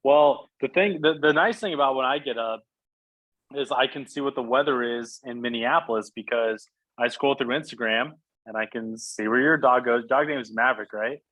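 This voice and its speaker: A man's voice: medium pitch, moderate pace, fairly bright tone, poor audio. A man hosting a podcast, bantering casually and teasing his guests. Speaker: podcast host.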